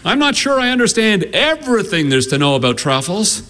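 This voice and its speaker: A man's voice: high-pitched, very animated, brisk, sharp tone, slight background noise, exaggerated voice. A man voicing a flustered, kindly middle-aged father who stammers and restarts his sentences.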